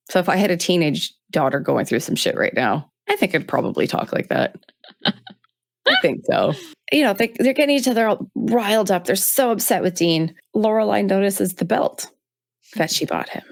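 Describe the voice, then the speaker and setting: A woman's voice: medium pitch, moderate pace, gravelly, no echo, clean studio sound. A woman co-hosting a podcast, chatting casually as she recaps a TV episode and laughs often. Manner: animated, laughs often, acts out quotes. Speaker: podcast co-host.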